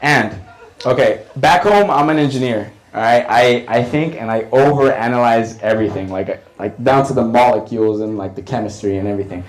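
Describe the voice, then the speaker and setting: Man, stand-up comic, rambling and filler-heavy, mid-pitched voice, comedy club stage. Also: a little fast, poor audio. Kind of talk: stand-up storytelling.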